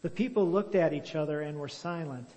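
A man's voice: on the high side, fairly quick, warm tone. Man telling a story in a hall. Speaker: storyteller and religious teacher. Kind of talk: reading a moral story aloud, then explaining it.

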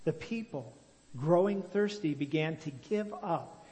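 A man reads a moral tale with measured expressiveness, then interprets it like a religious teacher. His slightly high voice carries a long echo from a large hall.

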